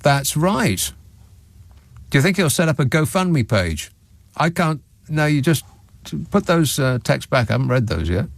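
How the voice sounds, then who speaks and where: A man's voice: a little high, very animated, a little slow, no room sound. A man hosting a late-night talk radio show from a studio, delivering a sarcastic, mocking monologue and reading out listeners' messages.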